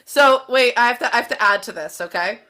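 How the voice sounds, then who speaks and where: A woman co-hosting a casual podcast, animated and giggly as she reads out a news story. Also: a little high, brisk. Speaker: podcast co-host. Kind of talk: casual chat.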